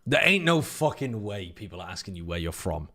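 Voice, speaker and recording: A man with an English accent co-hosting a watch party, joking and swearing in quick casual banter. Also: fairly low pitch, big pitch swings, pushed and bright. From Britain. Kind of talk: casual chat.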